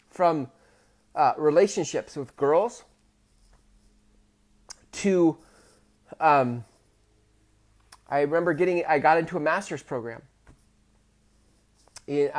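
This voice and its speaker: Man telling a personal story, halting. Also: a little high. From Pacific Northwest of the US. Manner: halting, many restarts, gets loud and emotional when retelling. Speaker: podcast host.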